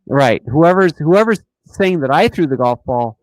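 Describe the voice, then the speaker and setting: A man hosting a casual live stream, talking in an animated, mocking way and often repeating himself. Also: fairly high pitch, a little slow, no echo, low-quality recording. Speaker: host of a dashcam channel live stream.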